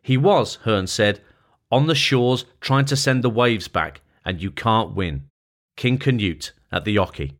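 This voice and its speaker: A man narrating a long-form feature article as scripted narration, in a measured, even reading voice. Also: fairly low pitch.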